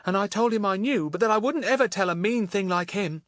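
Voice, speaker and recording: A man reading an audiobook, voicing a frightened, tearful young girl with a high, trembling, pleading voice. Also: brisk, a bit bright, no echo, studio quality. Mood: earnest. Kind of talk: audiobook character voice.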